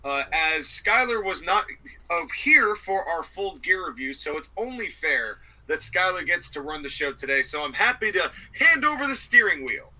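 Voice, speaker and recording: A man's voice: high voice, very animated, normal speed, sharp tone, rough recording. A man co-hosting a wrestling podcast, rambling through self-mocking jokes. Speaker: podcast co-host.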